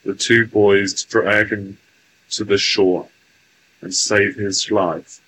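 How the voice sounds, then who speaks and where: Channeling-session voice: a man with a very deep, slow, stilted and formal delivery. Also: little pitch movement, sharp tone, slight background noise, rough recording. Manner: formal, deliberate, stilted phrasing. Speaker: channeled speaker.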